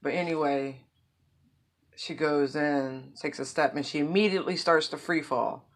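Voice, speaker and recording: A woman's voice: deep voice, steady tone, moderate pace. A woman giving a casual tarot reading, rambling with many asides and fillers. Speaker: tarot reader.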